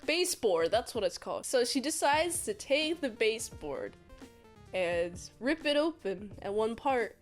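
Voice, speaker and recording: High-voiced woman doing a jokey, rambling recap. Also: very animated, unhurried, soft background music. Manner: rambling, jokey and self-deprecating. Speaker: movie reviewer. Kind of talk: casual movie recap.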